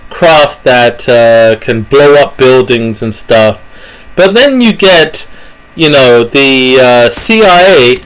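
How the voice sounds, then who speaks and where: British guy rambling jokey monologue, kinda high voice, lots of "you know"s and restarts. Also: low-quality recording. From Britain. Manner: jokey, rambling, loose with frequent fillers and self-corrections. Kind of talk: comic rambling monologue about pictures on screen.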